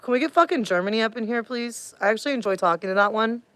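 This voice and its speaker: A woman's voice: fairly high pitch, fast talker, a bit bright, dry recording. A woman from the United States ranting on a livestream in a profane, rambling way, losing her train of thought. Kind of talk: casual livestream rant.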